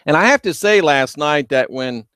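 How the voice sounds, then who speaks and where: Male host, slightly high voice, shouts emphatically while chatting with a live audience. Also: expressive, moderate pace, smooth, no room sound, studio quality. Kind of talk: livestream talk reading viewer chat.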